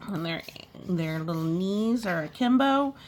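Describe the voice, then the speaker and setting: Brief: a woman reading a children's picture book aloud, animated, pointing out pictures, unhurried delivery. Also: fairly low pitch, a little hiss or hum. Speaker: storytime reader.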